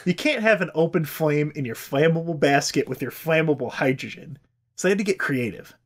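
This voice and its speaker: A man's voice: on the high side, expressive, a little fast. A man hosting a podcast, telling a history story in a casual, irreverent way and swearing freely. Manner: irreverent, swears freely, does silly voices. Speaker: podcast host.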